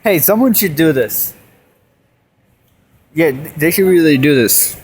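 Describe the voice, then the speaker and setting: A man's voice: a little high, lively intonation, unhurried, darkish tone. A young man telling rambling jokes and stories in a comedy monologue, jumping between bits and put-on voices. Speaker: amateur comedian. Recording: faint background noise.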